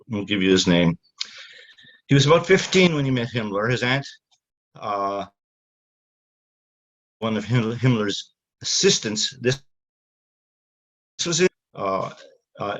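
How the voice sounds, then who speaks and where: An older man from Canada, an author speaking haltingly with many fillers, then reading from his novel. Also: lowish voice, fairly bright tone, poor audio.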